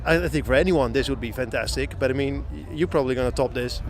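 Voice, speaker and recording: A man's voice: medium pitch, fast, soft background music. Joking man interviewing a musician. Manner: jokey, teasing. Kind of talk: casual interview. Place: outdoors at a festival.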